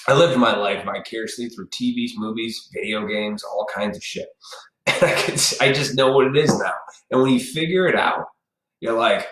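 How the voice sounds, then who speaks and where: A man rants straight to his viewers, blunt and preachy, with plenty of swearing. His voice sits at an ordinary pitch. The room around him is noticeably echoey. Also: moderate pace, a bit bright. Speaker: live stream host. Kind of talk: ranting monologue.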